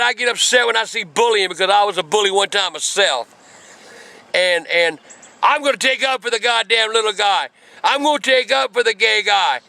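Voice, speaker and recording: An older man, telling a profane story in a gruff voice and breaking into shouts. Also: extremely high pitch. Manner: gruff, cursing, bursts into shouts. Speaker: grandfather telling stories.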